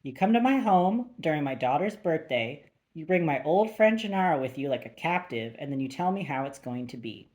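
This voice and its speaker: A woman's voice: low-pitched, big pitch swings, normal speed, darkish tone. A woman voicing a thuggish male crime boss with a foreign accent who speaks in a mocking, cold way, in an audiobook.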